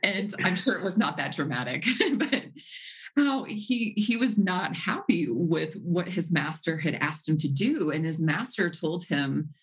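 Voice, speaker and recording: A middle-aged woman hosting a podcast conversation, warm and enthusiastic, often laughing as she tells stories. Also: fairly low pitch, animated, unhurried, slightly rough. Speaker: podcast host. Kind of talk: casual conversational interview.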